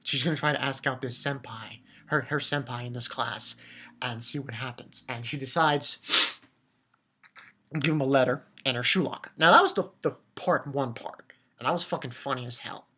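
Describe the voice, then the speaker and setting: A woman giving a casual, excitable recap of an anime episode, laughing and swearing, with many restarts. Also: rumbling low, moderate pace. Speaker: anime reviewer.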